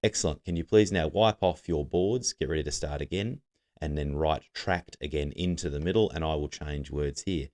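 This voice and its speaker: A man's voice: extremely low pitch, moderate pace, a little mellow. A man teaching a recorded literacy lesson, giving patient step-by-step instructions to students.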